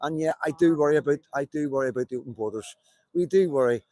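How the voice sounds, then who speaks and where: A man's voice: a little high, fast talker, a little mellow, no echo. A Northern Irish man giving a heated, rambling speech at a protest, swearing often. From Northern Ireland. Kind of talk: outdoor livestream speech.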